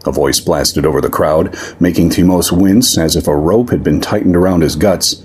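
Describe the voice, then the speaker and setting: A man narrating a short story in a measured, dramatic reading. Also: low voice, darkish tone, breathy edge. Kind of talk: audiobook fiction reading.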